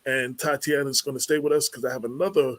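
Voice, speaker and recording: A man hosting a community radio talk show, speaking in a halting way with many fillers and repeated words. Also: medium pitch, fairly even intonation, fairly bright tone, dry recording.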